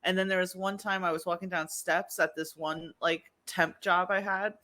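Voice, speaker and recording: A woman's voice: fairly low pitch, fairly even intonation, normal speed, bright, forceful tone. A woman in her thirties from New York, a guest in casual chat who tells stories with a laugh and pokes fun at herself. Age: 30s. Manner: laughing, self-deprecating storyteller. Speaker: podcast guest.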